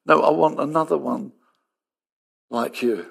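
A man preaching a sermon, acting out dialogue with lively storytelling and dropping to soft, quiet tones. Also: a little high, a little slow, vocal fry, husky.

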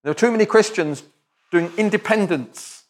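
Lively, fairly high-voiced male preacher. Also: normal speed. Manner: direct, conversational, joking asides. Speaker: visiting preacher. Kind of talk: sermon.

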